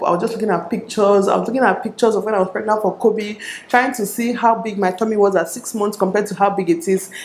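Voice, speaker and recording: A young woman with a Nigerian accent tells a personal story straight to camera. She talks in an animated, chatty way and acts out the dialogue. The echoey room comes through on the camera mic. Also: medium pitch. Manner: animated, laughing retelling with quoted dialogue. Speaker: vlogger.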